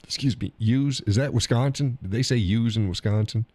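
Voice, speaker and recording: A man's voice: medium pitch, moderate pace, darkish tone, breathy edge, no room sound. A middle-aged man with an Oklahoma accent, hosting a live stream and chatting casually about the chat messages, teasing and laughing often.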